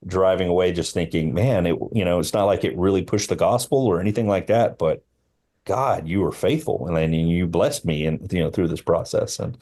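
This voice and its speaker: A man, a film line producer, telling a personal story as a podcast guest in an earnest, halting way with many fillers and restarts. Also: low-pitched, a little mellow.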